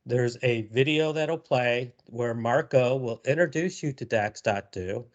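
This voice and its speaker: A man presenting a live software tutorial, talking casually with many fillers and repeated words. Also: mid-range voice, measured pace, lo-fi sound.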